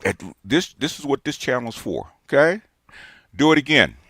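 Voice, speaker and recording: A man in his sixties rants in a streamer's response monologue. He lectures emphatically, hammering the same points again and again. The sound is dry and close, with mid-range pitch for a man. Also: big pitch swings, moderate pace, fairly bright tone, no room sound. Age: 60s. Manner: emphatic, lecturing, repeats himself.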